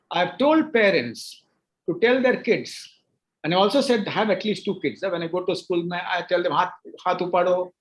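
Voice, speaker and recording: An earnest, middle-aged Indian man with a high-pitched voice, speaking as a doctor at a seminar. He talks with emphasis, repeating words and starting over as he builds his points. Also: rough recording. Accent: Indian English. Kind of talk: seminar Q&A answer.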